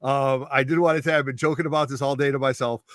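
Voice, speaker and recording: A man's voice: medium pitch, steady tone, a bit bright, no echo, clean studio sound. Man hyping a podcast chat. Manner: hypes things up, quick reactions. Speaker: podcast host.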